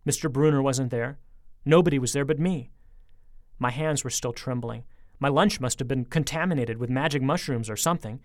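A man reading a story aloud in a lively, expressive way, his voice sitting at an ordinary middle pitch. The sound is dry and close to the mic. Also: normal speed, no echo. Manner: lively storytelling, speeding up in tense moments. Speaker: audiobook narrator.

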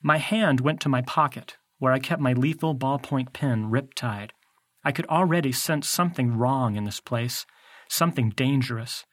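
A man's voice: mid-range voice, normal speed, a bit bright, no room sound. A man narrating a first-person audiobook in a wry, conversational way.

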